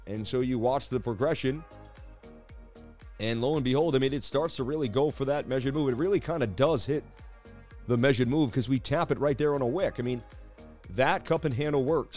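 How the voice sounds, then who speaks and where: A hyped male crypto host runs through the charts at a medium pitch, his talk building to preachy highs. Soft music plays faintly underneath. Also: a little fast. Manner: hyped, preachy, says "baby" often. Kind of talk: live market analysis chat.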